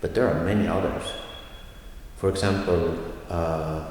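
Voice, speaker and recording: A man teaching a language video lesson, explaining slowly and carefully and modeling example sentences aloud. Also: deep voice, a little mellow. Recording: very echoey room with long reverb.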